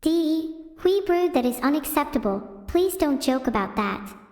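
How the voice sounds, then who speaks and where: A synthetic female voice doing deadpan stand-up comedy on a stream, chatting with viewers. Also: high-pitched, measured pace, faint music behind. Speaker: AI streamer host. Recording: roomy reverberant sound.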